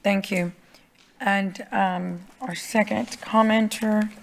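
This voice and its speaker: Slow, gravelly woman chairing the meeting. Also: mid-range voice, steady tone, slight background noise.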